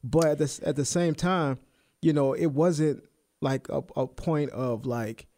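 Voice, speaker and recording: A man in his thirties co-hosting a faith podcast, talking in a halting way with many fillers and restarts. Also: on the high side, steady tone, warm tone, no echo. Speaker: co-host. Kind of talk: casual faith podcast conversation.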